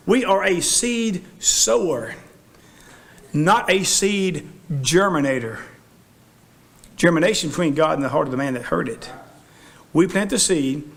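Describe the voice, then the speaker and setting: A man preaches in a church with a notably high voice. His delivery is folksy and animated, and he slips into quoted voices to act out the people he talks about. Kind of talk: sermon.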